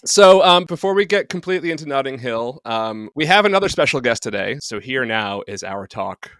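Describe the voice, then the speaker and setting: A man's voice: medium pitch, big pitch swings, a little fast, a bit bright, dry recording, studio quality. A man hosting a podcast, talking casually and jokingly with frequent ums. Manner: jokey, conversational, many ums. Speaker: podcast host.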